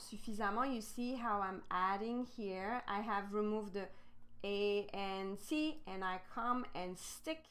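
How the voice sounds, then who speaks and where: A woman's voice: fairly high pitch, clean tone. A woman with a French accent, teaching a live online language lesson and spelling words out letter by letter.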